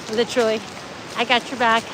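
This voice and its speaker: A woman's voice: a little high, little pitch movement, moderate pace. A woman hosting a live walking vlog on a beach, chatting upbeat straight to her viewers. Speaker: livestream host. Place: outdoors on a beach. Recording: outdoor phone audio with loud surf noise. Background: surf and wind noise.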